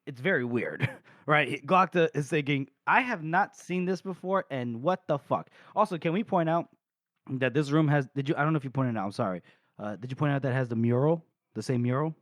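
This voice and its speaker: A man's voice: medium pitch, brisk, no room sound, studio quality. A male podcast co-host chatting casually, cutting in to correct and add details. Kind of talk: casual book discussion.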